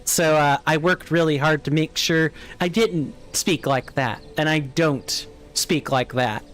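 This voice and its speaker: A man's voice: fairly high pitch, a little slow, fairly bright tone, soft background music. A man with a General American accent, chatting casually with viewers while streaming a game, musing and answering chat aloud. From United States. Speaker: let's play streamer. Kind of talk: casual live gameplay chat.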